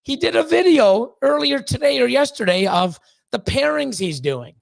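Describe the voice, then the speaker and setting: A man's voice: very high-pitched, very animated, normal speed, vocal fry, no room sound. A man talking as a podcast guest in a blunt, profane rant, often repeating words as he gets worked up. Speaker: podcast guest, snake breeder. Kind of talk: candid ranting conversation.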